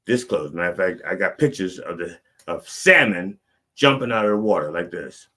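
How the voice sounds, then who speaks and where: A middle-aged man, the show's comedic preacher host, telling a rambling, animated story and swinging between loud and soft. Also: deep voice, normal speed.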